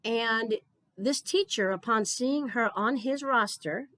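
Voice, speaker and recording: A woman's voice: on the high side, slow, fairly bright tone, no echo. A middle-aged woman giving an earnest conference keynote, telling stories and often repeating words as she starts a thought. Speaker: keynote speaker.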